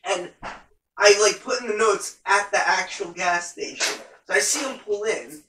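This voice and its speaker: A man from New Jersey telling a profane, animated story in casual chat. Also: high voice, measured pace, background noise. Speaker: podcast co-host telling a story. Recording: roomy sound, mic at a distance.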